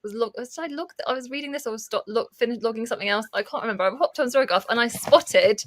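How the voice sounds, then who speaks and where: A woman's voice: fairly high pitch, fast talker. A woman co-hosting a book livestream, chatting casually with giggles and lots of fillers. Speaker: co-host of a reading livestream. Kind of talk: casual chat.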